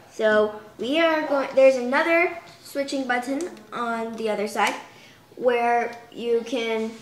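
A woman's voice: fairly high pitch, echoey room, slight background noise. A young woman showing off a toy in a chatty home video, stringing thoughts together with many fillers. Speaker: toy demonstrator. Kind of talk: casual product demo.

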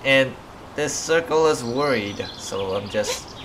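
A man's voice: mid-range voice, lively intonation, slow pace, very noisy. A man casually commenting while he plays a game, playful and chatty, often exclaiming. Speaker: gamer. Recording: loud music behind.

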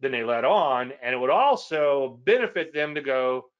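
A man's voice: medium pitch, expressive, moderate pace, clean tone, lo-fi sound. A man hosting a weekly trading show, chatting casually and rambling through charts with self-deprecating asides. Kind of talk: casual webinar chat.

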